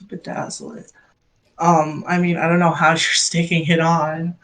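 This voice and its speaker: A mid-pitched game master running a tabletop game. The speech is hesitant and halting, with many fillers and restarts. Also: little pitch movement, a bit bright. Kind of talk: casual tabletop game chat.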